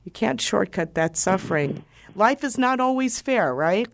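A woman hosting a talk radio show, talking expressively with frequent rises in pitch. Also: animated, unhurried, gravelly, slight background noise. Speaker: talk radio host, doctor.

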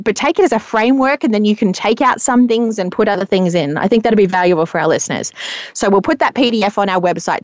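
A woman's voice: a little high, no echo, lo-fi sound. A woman parenting coach explaining her methods in casual podcast chat, earnest and often tagging "right?" onto points. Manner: earnest, explanatory, frequent "right?" tag questions.

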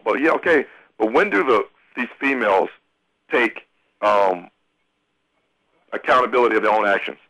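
A man's voice: fairly low pitch, normal speed, long pauses, sharp tone, no room sound, poor audio. A man hosting a sports talk radio show, arguing points and repeating phrases for emphasis. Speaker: show host.

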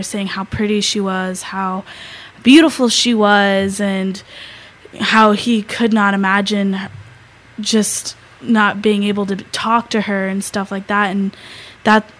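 A teenage girl co-hosting a talk show, telling a story in a halting way, with many fillers and restarts. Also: mid-range voice, flat delivery, rough recording. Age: teens. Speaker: co-host. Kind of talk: casual storytelling.

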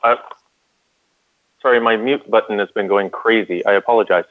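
On call-in radio, a male co-host with a lowish, steady voice tells stories earnestly at a normal speed, restarting his sentences a lot. The audio is thin, narrow and tinny like a phone line, with a completely dry sound and no room echo.

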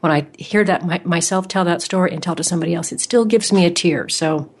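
A woman hosting an interview, telling a personal story in a lively, animated way. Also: fairly low pitch, fast talker. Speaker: podcast host.

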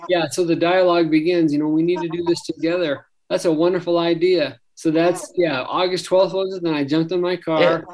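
A man's voice: a little high, steady tone, a little fast, hardly any pauses, a little mellow, poor audio. A man co-hosting a show, chatting casually and backing up his partner with short replies. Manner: supportive, brief affirmations. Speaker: co-host. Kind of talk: casual conversation.

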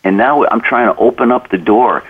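A man's voice: mid-range voice, normal speed, husky, no room sound, distant mic, narrow, tinny audio. A man being interviewed, earnestly telling anecdotes and acting out the conversations in them. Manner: earnest, acts out dialogue in anecdotes. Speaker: author and coach, interview guest.

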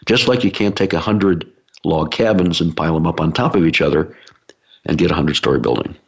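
A man's voice: low voice, fairly quick, vocal fry, breathy edge. A man giving an explanatory talk to a business audience, using everyday analogies with frequent fillers. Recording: dull lo-fi recording.

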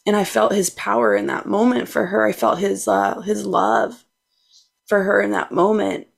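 A woman with a gravelly, fry-edged voice at a middle pitch speaks as a guest. She talks with heartfelt, effusive feeling about her faith. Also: fairly even intonation, moderate pace. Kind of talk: emotional testimony.

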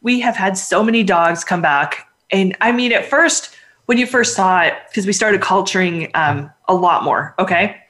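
A woman's voice: mid-range voice, normal speed, a bit bright. A woman veterinarian in a casual podcast chat, talking at length and with emphasis while giving advice to pet owners.

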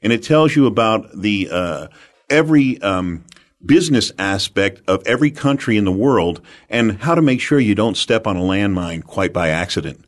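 A man from the United States, an animated and emphatic storyteller, giving sales advice as an interview guest. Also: on the low side, moderate pace.

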